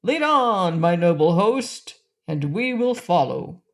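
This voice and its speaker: A woman's voice: lowish voice, very animated, slow, heavily acted. A woman doing a giggling, jolly fat little king. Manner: giggly, merry, laughing. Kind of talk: audiobook reading.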